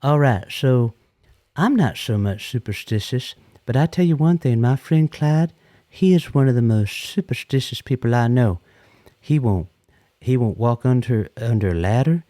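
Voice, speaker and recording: A man's voice: mid-range voice, animated, normal speed, warm tone, no room sound, studio quality. A man calling in to tell a rambling, comedic story in a folksy way, often repeating and restarting himself. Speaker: caller.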